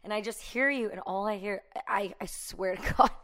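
A woman's voice: medium pitch, normal speed, fairly bright tone. A young woman in casual chat, recalling events with a friend in a chatty, laughing way.

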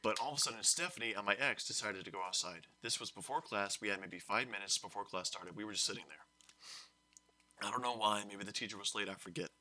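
A man's voice: lowish voice, quick pace, hardly any pauses. A young man casually telling a story on a podcast, rambling and correcting himself as he goes. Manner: rambling, self-correcting, animated retelling.

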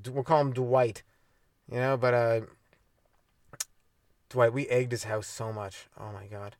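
A man's voice: mid-range voice, no echo, clean studio sound. A young man from Canada hosting a comedy podcast, ranting on his own, swearing and acting out little scenes in mock voices. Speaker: podcast host, stand-up comedian. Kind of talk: solo comedic rant.

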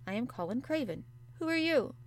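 Woman voicing a young boy, sickly, fretful, half-whispered, anxious, slightly raised pitch. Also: big pitch swings, fairly quick. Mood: frightened, wondering.

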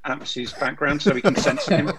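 A man's voice: on the high side, moderate pace, a loud crowd, poor audio. Chatty man hosting a beer podcast. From England. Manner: chatty, joking, runs the show with filler ums. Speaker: podcast host. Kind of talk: casual chat among friends.

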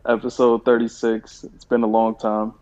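A man's voice: mid-range voice, monotone, normal speed, darkish tone. A man co-hosting a casual podcast, rambling and swearing freely as he chats. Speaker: podcast co-host. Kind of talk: casual chat. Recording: dull lo-fi sound.

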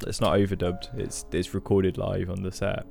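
A man co-hosting a casual film review podcast, relaxed and agreeable. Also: low voice, moderate pace, creaky, over loud music. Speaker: podcast co-host.

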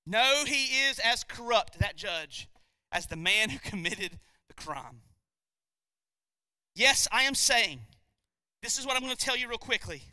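High, bright-voiced emphatic preacher. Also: male voice, lively intonation, measured pace, pauses often, no echo. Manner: emphatic, rhetorical questions, rising intensity. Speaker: pastor. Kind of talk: sermon.

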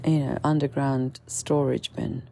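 Woman in her own voice, low and gravelly, unscripted and meandering monologue. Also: little pitch movement, a little slow, warm tone. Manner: candid, meandering, with many fillers and restarts; mimics others with sudden shrill outbursts. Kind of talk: casual storytelling monologue.

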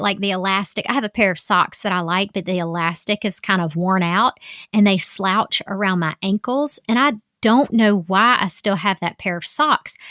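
A woman's voice: medium pitch, a bit bright, no echo. Chatty woman podcaster, dry close mic. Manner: chatty and candid, with fillers and asides. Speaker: podcast host. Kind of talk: casual solo podcast talk.

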